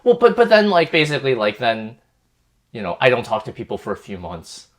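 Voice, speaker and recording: A man's voice: mid-range voice, wildly swooping pitch, brisk. A young man co-hosting a podcast, talking casually and rambling with many fillers and restarts. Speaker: podcast co-host. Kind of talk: casual group chat.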